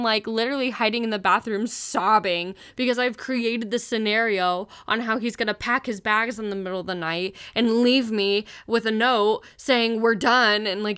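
A woman's voice: fairly high pitch, fairly bright tone, smooth. A young woman hosting a podcast, telling a personal story in a candid, chatty way and swearing freely. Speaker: podcast host. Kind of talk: casual confessional storytelling.

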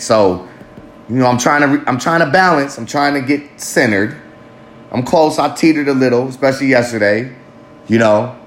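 A man's voice: mid-range voice, slight background noise. A man talking candidly to camera in a rambling, self-reflective monologue, swearing freely and often laughing at himself. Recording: roomy echo with faint ambience.

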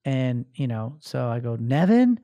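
Casual male storyteller, thirties, warm and mellow, dry close sound. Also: medium pitch, normal speed, dry recording. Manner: animated, acts out voices, many fillers. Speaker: podcast host telling a story.

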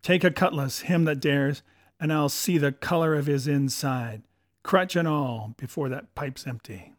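A man voicing a menacing old pirate cook and captain, blustering in rough seafaring talk. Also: on the high side, unhurried, dry recording, studio quality, close to an everyday voice. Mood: roaring.

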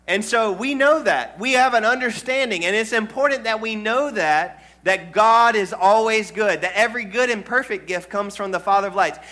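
A man's voice: high-pitched, moderate pace, few pauses, sharp tone. A male pastor preaching a sermon to a congregation in church, calling for amens and asking the room questions. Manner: call-and-response preaching to a congregation.

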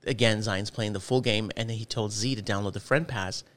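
A man's voice: on the low side, fairly quick. Rambling man in casual chat. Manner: rambling, animated storyteller. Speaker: podcast co-host.

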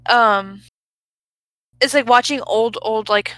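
A woman's voice: fairly high pitch, slow, a bit bright, dry recording, poor audio. A woman in casual chat who swears freely, laughs often and trails off mid-sentence.

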